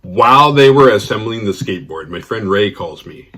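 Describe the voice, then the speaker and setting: A man hosting a horror movie channel, telling a rambling, profane story casually and getting animated when he quotes others. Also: fairly low pitch, normal speed. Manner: rambling, profane, restarts mid-sentence. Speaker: horror movie review host.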